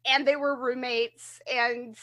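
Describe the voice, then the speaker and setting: Bright-voiced woman podcast co-host. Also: sits high, flat delivery, slow. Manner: rambling, upbeat, lots of fillers. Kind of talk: casual chat.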